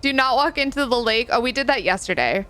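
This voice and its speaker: A woman's voice: fairly high pitch, expressive, fast talker, fairly bright tone. A woman live-streaming a video game in casual chat, reading and answering her viewers and giggling often.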